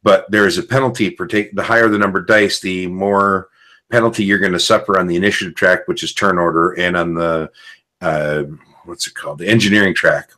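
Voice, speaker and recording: A man's voice: low voice, pushed and bright. A man hosting a podcast, chatting casually and explaining game rules at length. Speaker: podcast host. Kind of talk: casual rambling chat.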